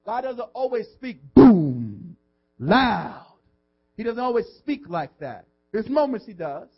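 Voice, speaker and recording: A very high-pitched, very animated pastor preaches at normal speed, dropping from loud emphasis to a whisper and informally repeating words while asking the congregation questions. Soft music plays in the background, and the audio is dull.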